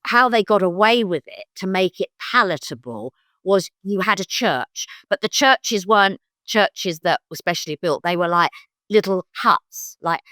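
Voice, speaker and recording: Speaking a little slowly in her London English, an older psychic woman shares stories conversationally as a guest. She's animated, mimicking quoted voices with sudden high-pitched bursts, captured in a dry studio-quality recording.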